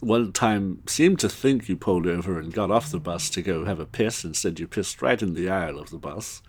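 A stiff, formal tour company boss with a put-on English accent scolds his worker. A man acts him out in a very low voice, clipped and proper. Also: animated, normal speed, husky, full character voice. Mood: stern. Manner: prim, formal reprimanding.

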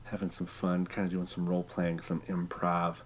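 A man's voice: sits low, completely flat delivery, moderate pace, husky. A man hosting a casual improv podcast, upbeat and laughing often. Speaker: host.

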